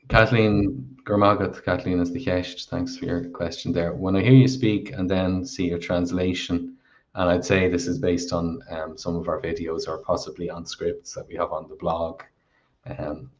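An Irish man with a very deep voice reads viewer questions aloud at a careful pace. His manner is affable and measured. The audio is dull and lo-fi, like a live stream. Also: level tone. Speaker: co-host reading viewer questions. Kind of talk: casual live Q&A chat.

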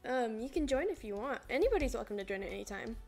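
A young woman with a high-ish, expressive voice talks fast with vocal fry and a slightly mellow quality while streaming a game. She chats casually and rambles as she greets her viewers, with music playing behind her.

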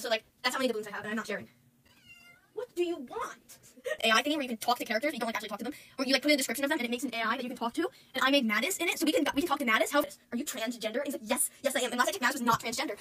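A woman's voice: high voice, sharp tone. A young woman streaming, chatting casually and rambling to her chat, often giggling, close to the mic.

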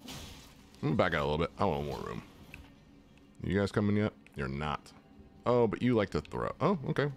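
A young man narrates his own playthrough in a loose, joking way, often chatting to the creatures he fights. His pitch swings widely from low mutters to high exclamations. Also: big pitch swings, brisk, creaky, pauses often, soft background music. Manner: chatty, jokey, talks to enemies. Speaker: gaming channel host. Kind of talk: casual let's-play commentary.

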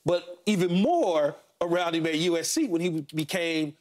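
A middle-aged man co-hosting a sports talk show, telling stories about his playing days in animated, punchy fragments with lots of repeats. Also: fairly high pitch, moderate pace. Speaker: sports talk show co-host, former NFL receiver. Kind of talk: casual sports talk storytelling.

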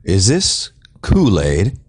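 A man's voice: deep voice, huge pitch swings, very slow, a little mellow, slightly rough, full character voice. A man voicing a friendly, chatty devil with a relishing, amiable way of talking. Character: genial male devil, cheerfully ghoulish.

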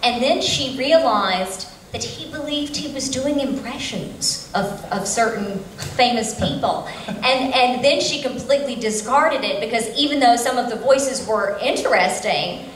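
A woman's voice: on the high side, lively intonation, unhurried, fairly bright tone, a little hiss or hum. A woman voice actor on a convention panel, earnestly giving her opinion to a fan. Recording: echoey hall, far off the mic.

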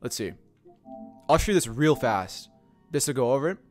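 Excitable man chatting on a game stream. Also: mid-range voice, moderate pace, faint music behind. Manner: excitable, laughs often. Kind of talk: casual gaming stream chat.

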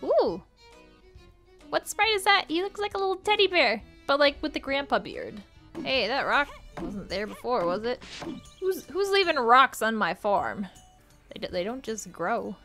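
A woman hosting a casual let's-play, chatty and excitable, gasping and reacting aloud as she plays. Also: a little high. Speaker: gaming channel host.

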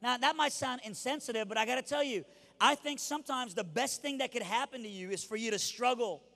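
A preacher man from Iran telling a comedic story in a sermon at a youth event, animated and blunt, acting out the voices he quotes. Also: very high voice, brisk. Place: large hall at a youth event. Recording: long reverb of a large hall.

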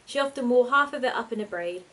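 A woman reading her own storybook aloud in a steady, expressive narration. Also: a little high, fast talker, low-quality recording.

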